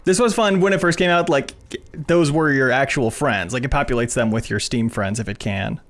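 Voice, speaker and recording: A man's voice: mid-range voice, normal speed, fairly bright tone. A man hosting a casual gameplay stream, bantering playfully while commenting on the game. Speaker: host.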